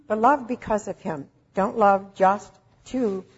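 In a medium-pitched voice, a female preacher gives an emotive sermon, pressing each point slowly and emphatically, on a dull, lo-fi recording.

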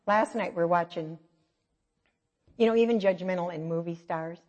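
A middle-aged woman giving a conversational sermon, telling self-mocking stories with lively asides. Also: lowish voice, moderate pace. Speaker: church speaker. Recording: dull, echoey hall recording.

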